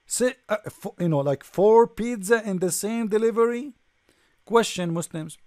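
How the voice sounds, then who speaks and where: Man, high voice, dry sound, sarcastic lecturer, english, rhetorical questions. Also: normal speed, darkish tone, dry recording. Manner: non-native English grammar. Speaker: religious debate speaker. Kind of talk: lecture-style commentary.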